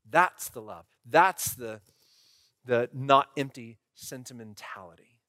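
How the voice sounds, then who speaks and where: A male pastor preaching a sermon, emphatic and repetitive, swinging between loud urgency and hushed quiet. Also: medium pitch, animated, takes it slowly, no room sound, studio quality.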